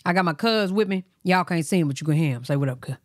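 A woman's voice: on the low side, fast talker, dry recording, clean studio sound. A woman hosting a casual reaction stream, chatty and addressing viewers directly. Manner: chatty, animated, talks to viewers. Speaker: reaction host.

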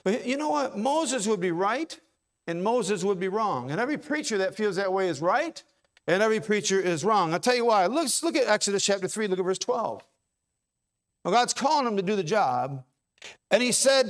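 A high-pitched male pastor delivering a church sermon. He builds to forceful, repeated declarations, then drops into soft, quick, chatty asides. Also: animated. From Ohio. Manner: swings from loud preaching to low, quick asides. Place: church sanctuary.

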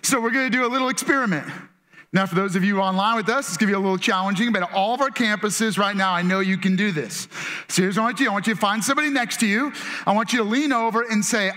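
Bright high-voiced male pastor preaching. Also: quick pace. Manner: conversational, acts out quotes in changing voices. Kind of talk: sermon.

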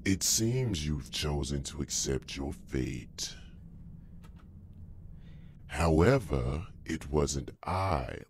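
Man doing a monster voice, rumbling low, very slow. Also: animated, slight background noise, heavily acted. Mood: ominous. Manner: slow, drawn-out reading of game text. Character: deep slow male monster narrator.

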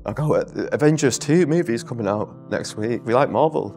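A young man from northwest England, telling his life story as an interview guest in a candid, halting way. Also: medium pitch, lively intonation, a little mellow, faint music behind. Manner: candid, repetitive, halting restarts. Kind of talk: personal testimony interview.

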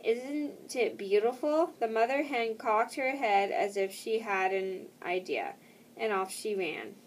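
A woman reads a children's picture book at an unhurried, careful pace, with a middle-pitched, everyday voice. She sits a little away from the mic, and faint noise hums under the reading. Now and then she breaks off for a relaxed aside. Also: recorded from a distance, low-quality recording. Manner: slow, careful, with casual asides.

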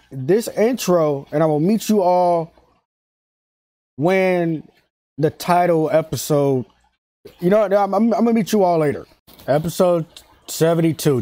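A man hosting an anime reaction video, talking in excited, slangy casual commentary, laughing often and repeating himself. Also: sits high, dry recording. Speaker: anime reaction channel host.

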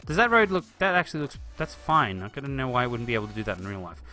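Soft music sits under a fast-talking Australian man whose medium-pitched voice swings widely and sounds sharp. Streaming a city-building game live, he chats casually, works through his thoughts aloud and fields viewer comments.

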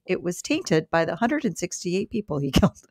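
Podcast co-host, wry jokes, quick comebacks, reads news items aloud, mid pitch, dry close recording. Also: sing-song, darkish tone, no echo. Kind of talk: casual chat, reading news items aloud.

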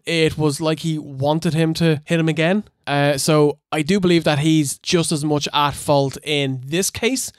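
A man's voice: a little high, smooth, no room sound. Blunt, sweary male co-host, casual, dry recording. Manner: blunt, swears freely, laughs often. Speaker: podcast co-host. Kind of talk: casual wrestling review chat.

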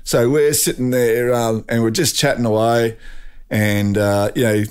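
A man's voice: mid-range voice, steady tone, unhurried, clean tone. An older man with an Australian accent, a guest telling rambling anecdotes in casual conversation, with laughs and restarts. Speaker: guest, drag racing champion. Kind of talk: casual storytelling.

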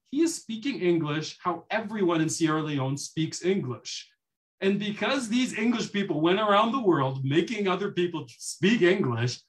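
A man speaking as a poet on a panel discussion over a video call, measured and articulate with quick asides. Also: high-pitched.

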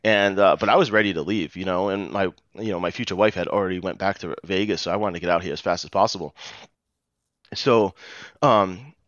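A man's voice: deep voice, fairly quick, no echo, dull audio. A man with a Rhode Island accent, a podcast guest telling his story casually and acting out what people said. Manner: chatty, animated retelling with quoted dialogue.

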